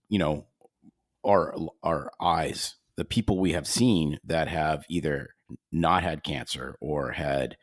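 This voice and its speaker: A man's voice: deep voice, no echo, clean studio sound. A man hosting a podcast, chatty and joking, asking long, rambling questions. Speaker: podcast host. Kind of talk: casual chat interview.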